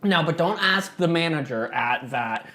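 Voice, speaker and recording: Easygoing male co-host, lively pitch, music under. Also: normal speed. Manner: playful, agreeable. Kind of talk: casual cooking chat.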